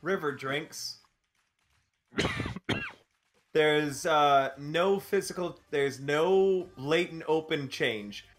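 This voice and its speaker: A man's voice: fairly high pitch, very slow, long pauses, faint music behind. A man narrating a tabletop game as game master, playful and often laughing.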